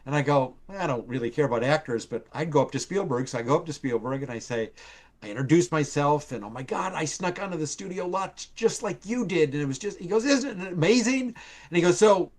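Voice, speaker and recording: An older man who writes and produces TV joins a live stream call as a guest, telling rambling anecdotes full of fillers and performed quotes. His voice is fairly high and his pace fairly quick.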